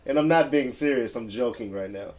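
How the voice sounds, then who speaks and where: A man co-hosting a podcast, teasing and swearing loudly in casual banter over drinks. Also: medium pitch, fairly quick, lo-fi sound. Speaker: podcast co-host.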